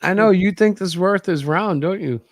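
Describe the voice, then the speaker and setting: A man's voice: high-pitched, normal speed, dry recording. A man hosting a casual chat, telling rambling jokes and stories about his work. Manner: joking, rambling storyteller. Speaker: comic creator and show host.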